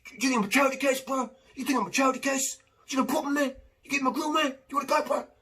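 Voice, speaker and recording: A man's voice: very high voice, rapid-fire, pushed and bright, pitched above the performer's own voice. A man putting on a touchy street tough spoiling for a fight. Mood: belligerent. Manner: defensive, picking a fight.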